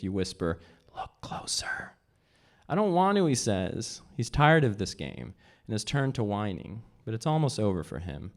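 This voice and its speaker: A man reading aloud from his own novel at a live event, measured, lifting his voice for the characters' lines. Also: darkish tone. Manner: measured, voices dialogue with pitch jumps.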